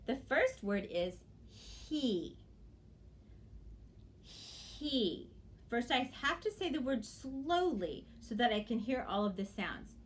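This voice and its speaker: A woman teaches phonics to young children, speaking slowly and stretching each word out sound by sound. Her sing-song teacher voice swings widely in pitch, and she stops often to make sure the kids are keeping up. A slight hiss or hum sits in the background.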